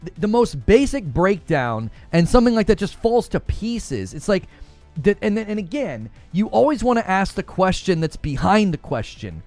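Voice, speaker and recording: A man's voice: high voice, a little mellow, no room sound. A man hosting a live gaming-news stream, talking emphatically, often stumbling and repeating himself, and reading chat questions aloud. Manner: emphatic, repetitive, stumbles over words.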